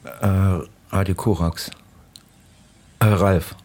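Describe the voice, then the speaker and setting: A man's voice: low-pitched, fairly even intonation, slow pace, a little mellow. A man taking part in an improvised radio performance, giving short, hesitant, amused replies.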